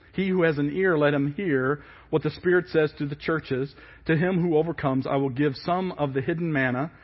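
A man preaching a sermon, emphatic and falling quiet at the ends of phrases. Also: on the high side, husky. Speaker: pastor. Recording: dull lo-fi church service audio.

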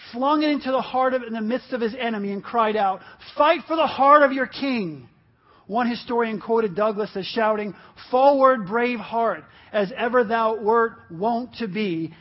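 A man's voice: extremely high pitch, dull audio. A man preaching a sermon as pastor, earnest and emphatic, repeating his phrases.

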